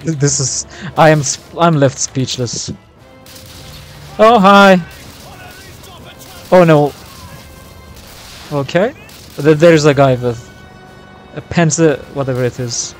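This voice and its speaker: A young man streaming a war game live, reacting loudly, swearing and yelling at his teammates. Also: fairly high pitch, slow, pauses often, faint music behind. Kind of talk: live gameplay commentary.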